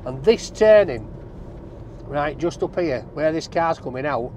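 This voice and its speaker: A chatty, jokey Yorkshire man, a food vlog host, talks casually from inside a moving car. His voice sits a little high for a man. Faint traffic noise hums behind him. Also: expressive, a little slow, darkish tone. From Barnsley, England. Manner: chatty, jokey, banter with cameraman. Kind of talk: casual vlog chat while driving. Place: inside a car driving through town.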